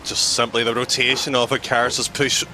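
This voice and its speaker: A man's voice: mid-range voice, flat delivery, normal speed, music in the background. A man giving colour commentary on a live esports match, teasing his partner and laughing often, on a headset mic.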